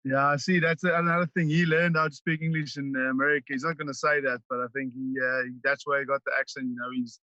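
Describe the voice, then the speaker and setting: A South African man whose first language is Afrikaans chats as a rugby player guest, halting often with ums and restarts. His voice comes through a dull, lo-fi line in a dry, close space. He speaks at a middle pitch. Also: flat delivery, sharp tone, no echo. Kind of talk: casual interview chat.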